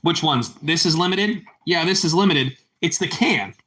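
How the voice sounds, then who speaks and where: Fairly high and expressive, this man's voice is bright and forceful at a moderate pace. He's an adult parent hosting a livestream, talking loosely with viewers, repeating himself, wandering off topic, and calling them bro.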